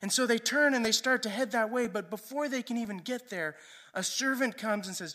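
Brief: a higher-pitched man preaching, chatty storytelling sermon. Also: brisk, sharp tone. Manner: conversational storytelling, often asks "right?".

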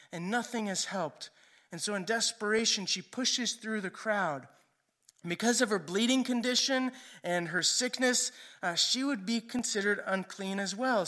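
Brief: a higher-pitched man preaching, chatty storytelling sermon. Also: bright, forceful tone. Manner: conversational storytelling, often asks "right?".

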